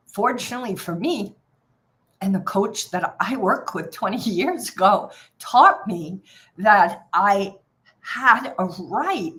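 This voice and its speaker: A woman's voice: medium pitch, fairly bright tone. A woman trading coach talking to her viewers on a live stream. She laughs often, swears casually and tells a story. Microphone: streaming microphone.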